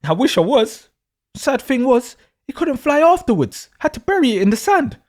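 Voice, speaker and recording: A rowdy, crude young man, as a man plays him. He talks bluntly and swears through his banter, his pitch jumping widely. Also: very animated, normal speed. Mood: mocking.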